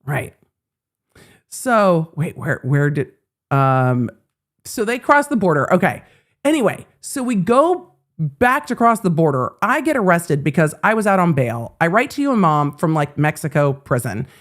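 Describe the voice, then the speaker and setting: Lively woman host recounting a story. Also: sits low, measured pace. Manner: animated storytelling, acting out quoted lines. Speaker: legal commentary host. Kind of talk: casual live-stream commentary.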